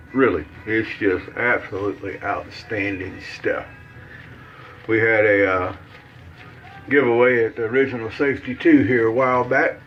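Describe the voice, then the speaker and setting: In a laid-back shaving demonstration, a Mississippi vlogger talks in a folksy, joking, rambling style with a Southern accent. His pitch is medium, and the sound is lo-fi.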